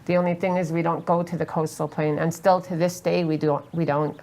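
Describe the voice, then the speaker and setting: A woman's voice: sits low, flat delivery, a little mellow. Earnest Alaskan woman on a panel. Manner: earnest, halting with many fillers. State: emotional, near tears. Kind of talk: panel talk, personal testimony. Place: festival roundtable.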